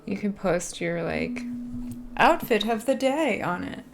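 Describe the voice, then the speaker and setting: A woman's voice: mid-range voice, lively intonation, normal speed, music in the background. A woman from the US East Coast, chatting casually and rambling as she answers her live viewers' questions. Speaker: live streamer.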